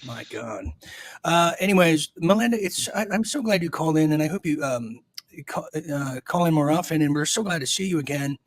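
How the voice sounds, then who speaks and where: A man's voice: fairly high pitch, animated, brisk, no room sound. A man hosting a casual live stream, joking with a caller and stammering through restarts, hot and sweating. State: sweating from heat. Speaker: host.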